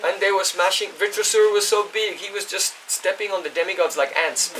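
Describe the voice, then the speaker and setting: High-voiced man teaching scripture. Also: steady tone, fairly quick, pushed and bright, a little hiss or hum. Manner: explanatory, checks in with listeners; chants Sanskrit verses. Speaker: spiritual teacher. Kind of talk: scripture class. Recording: voice distant from the mic.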